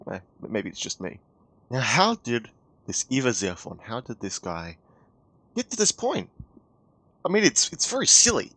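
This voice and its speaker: A man's voice: mid-range voice, a bit bright, dry recording. A man giving sarcastic, incredulous commentary for an online video. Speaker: commentary YouTuber.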